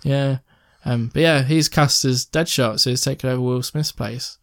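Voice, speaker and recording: A man's voice: medium pitch, steady tone, moderate pace, dry recording, clean studio sound. A young man chatting casually about films as a podcast co-host, rambling and swearing, laughing often. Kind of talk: casual film chat.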